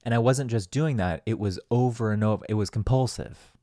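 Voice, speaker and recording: Low-voiced rambling profane man. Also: fairly quick, mellow, dry recording, clean studio sound. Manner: rambling, profane, self-deprecating, with laughs. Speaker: podcast host. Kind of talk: casual solo podcast monologue.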